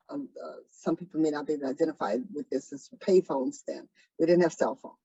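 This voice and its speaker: A woman recounts her past in a soft, hesitant interview voice, often pausing to gather herself. Her voice has a husky edge. The sound is dry and a little dull, like a lo-fi recording. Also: sits low, dry recording. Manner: soft-spoken, hesitant, many pauses and ums. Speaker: trafficking survivor guest. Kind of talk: interview testimony.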